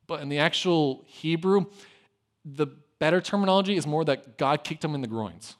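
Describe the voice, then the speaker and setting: A man with a fairly high voice preaching a lively sermon. He swings from loud, emphatic lines to quiet asides and tells the old story with casual humor. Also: normal speed. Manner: acts out biblical dialogue with conversational humor. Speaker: pastor.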